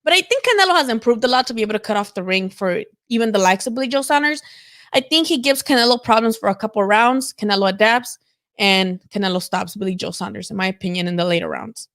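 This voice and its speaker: A woman's voice: medium pitch, fast, fairly bright tone. A woman hosting a live boxing talk stream, chatting casually and animatedly, swearing freely and filling with "like" and "you know". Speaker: boxing show host.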